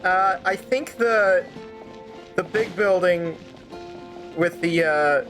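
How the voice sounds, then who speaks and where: A woman's voice: on the low side, slow pace, fairly bright tone, soft background music. A woman streamer giving casual, joking commentary while playing and fan-dubbing a game. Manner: joking, rambling asides.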